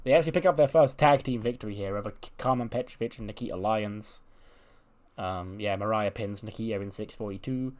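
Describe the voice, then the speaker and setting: A man's voice: fairly low pitch, a little fast, a little mellow. A man casually narrating and reviewing a wrestling sim game, chatty and full of fillers. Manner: chatty, many "like" and "you know" fillers. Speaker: game commentator. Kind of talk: casual let's-play narration.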